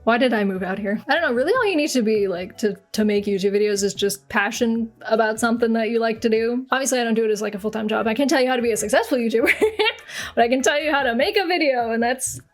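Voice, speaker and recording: Joking young woman YouTuber, slightly high voice. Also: fast talker. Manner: jokey, switching into silly put-on accents. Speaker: YouTuber answering viewer questions. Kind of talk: casual chat. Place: large echoey room at home. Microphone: desk mic. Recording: roomy home recording with faint music.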